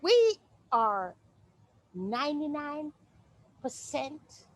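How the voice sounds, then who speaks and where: An actress performing a stage monologue as a sassy, outspoken woman with mocking, expressive shifts of tone. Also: high voice, very slow, dry recording, exaggerated voice. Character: sassy, outspoken grown woman airing grievances. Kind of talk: theatrical monologue.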